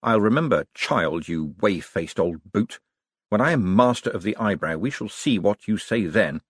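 A man's voice: lowish voice, lively intonation, moderate pace, husky, no room sound, clean studio sound. A man voicing a stiff, proud aristocratic man who speaks sternly and in clipped phrases, in an audiobook. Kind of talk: audiobook character voice.

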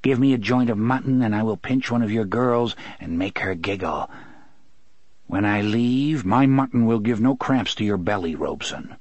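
A man voicing a calm, persuasive adult male guard in an audiobook, speaking low and quietly. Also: normal speed, no echo, highs cut off, close to an everyday voice.

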